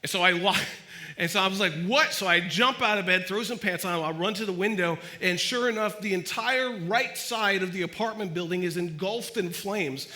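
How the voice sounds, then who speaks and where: A young man from Los Angeles speaking at a student church gathering, telling a personal story in a casual, animated way and acting out what people said. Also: sits high, normal speed. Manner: casual, animated storytelling that acts out quoted voices. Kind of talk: storytelling sermon.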